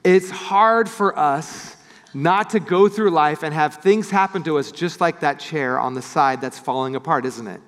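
High-voiced pastor preaching in a reverberant hall. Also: male voice, a little slow. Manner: storytelling, animated voices for quoted people. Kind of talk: sermon. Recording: church hall with long reverb.

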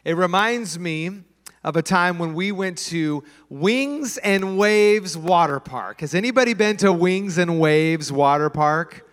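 Male pastor, high voice, storytelling sermon with acted-out bits, long church reverb. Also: a bit bright. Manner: storytelling, acts out voices and screams.

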